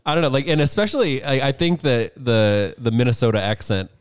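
A man co-hosting a casual movie podcast, talking in halting bursts with many fillers and frequent laughs. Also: medium pitch, smooth. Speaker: podcast co-host. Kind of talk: casual chat.

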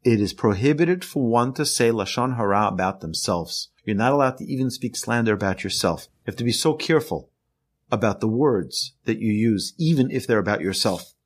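A man's voice: on the low side, expressive, normal speed. A man, a rabbi, teaching an earnest podcast lesson and telling stories with emphasis.

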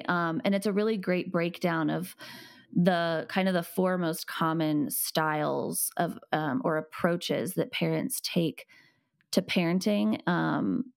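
A woman's voice: lowish voice, vocal fry, dry recording, studio quality. A woman co-hosting a parenting podcast, explaining things patiently and step by step in a conversational way.

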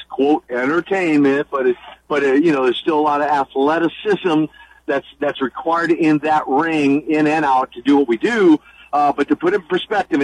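A man in his sixties, once a wrestler and a minister, is a guest on a radio interview, speaking earnestly and eagerly with many restarts and long lists. His voice is a little high, and the rough recording has no room sound.

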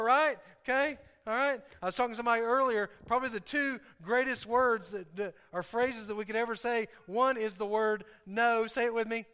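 A man with a high, bright, clear voice delivers a sermon to his congregation. He speaks earnestly and confessionally, leaning on repetition to drive his points home. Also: steady tone, a little fast, few pauses. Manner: earnest, repeats phrases for emphasis; confessional, talks straight to the congregation. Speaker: pastor.

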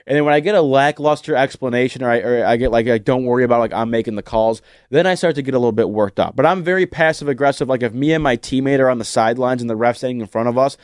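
A man's voice: mid-range voice, very fast, few pauses, clean tone, dry recording, studio quality. A man in casual podcast chat, ranting with lots of "like" and restarts. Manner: ranting, heavy use of "like", frequent restarts.

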